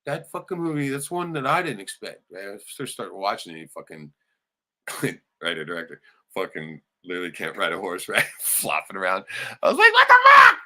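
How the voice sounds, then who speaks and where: Cussing livestream guy rambling away, lowish voice, bouncy pitch. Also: moderate pace. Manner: profane, rambling, swings loud and excited. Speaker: livestream host. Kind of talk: casual livestream chat.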